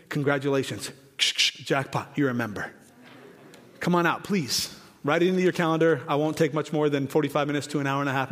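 A pastor in his forties preaching a conversational sermon with jokes and asides, lifting his voice for emphasis. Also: fairly bright tone. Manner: rises in pitch and volume for emphasis. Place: church sanctuary. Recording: long hall reverb.

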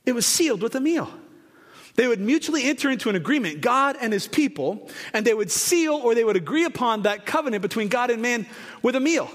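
A pastor in his forties preaching a conversational sermon with jokes and asides, lifting his voice for emphasis. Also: fairly bright tone. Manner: rises in pitch and volume for emphasis. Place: church sanctuary. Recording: long hall reverb.

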